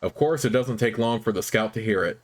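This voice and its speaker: A man hosting a let's play, reading the game's narration aloud in a measured, even way. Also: lowish voice. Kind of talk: reading game text aloud.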